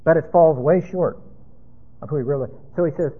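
A man's voice: a little high, a little fast, slightly rough. A man preaching an expository sermon, emphatic and rambling as he teaches, on a tinny phone-like recording.

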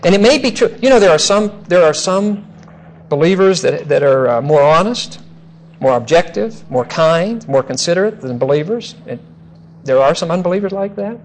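Higher-voiced man teaching from the Bible. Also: expressive, slight background noise, rough recording. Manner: measured, emphatic, spells out Greek words. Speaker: preacher.

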